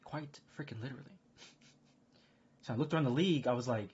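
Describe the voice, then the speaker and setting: A man streaming casual chat, rambling and excitable, full of fillers and restarts. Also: mid-range voice, fast, long pauses, husky. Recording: dull lo-fi stream audio.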